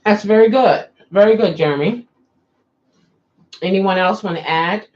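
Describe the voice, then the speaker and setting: A woman's voice: mid-range voice, a little slow, darkish tone, dull audio. A woman hosting a casual livestream, chatting with viewers and coaxing them to answer her questions. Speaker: livestream host.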